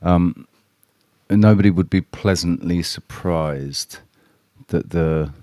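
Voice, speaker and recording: Speaking slowly in a low, warm voice, a livestreamer talks straight to the viewers in his chat, rambling bluntly and swearing without restraint. The sound is dry and clean, like a studio.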